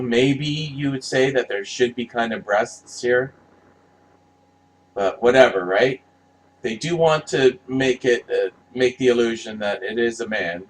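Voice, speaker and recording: This mid-range male voice comes through poor audio with a bit of hiss or hum. Reviewing movie posters for his vlog, he talks in a loose, rambling way, swearing with passion and often restarting what he's saying.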